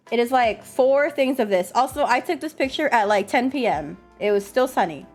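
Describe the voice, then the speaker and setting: Woman, streamer, high voice, quick animated chat, swearing, faint music behind. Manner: fast, animated, swears a lot; reads and answers chat. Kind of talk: casual stream chat recapping a trip.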